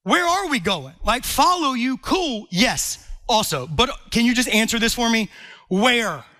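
A man's voice: extremely high pitch, very animated, unhurried, bright, forceful tone, pitched above the performer's own voice, exaggerated voice. A man acting out the apostle Peter as a casual, mouthy man full of questions, with slangy talk. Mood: skeptical.

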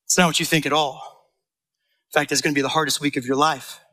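A preacher doing an excited, slangy Jesus with a high, bright voice. He sounds casual and eager as he lays out his plans, and his pitch keeps lifting. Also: fast. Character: excited upbeat adult male Jesus planning ahead. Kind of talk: sermon storytelling.

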